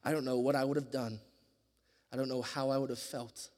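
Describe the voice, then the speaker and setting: An earnest man delivers a sermon, building his story with loud surges and dropping into near-whispers. His voice sits at an ordinary middle pitch. The sound carries a long reverb, as in a large church hall. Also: little pitch movement, a little fast. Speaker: preacher.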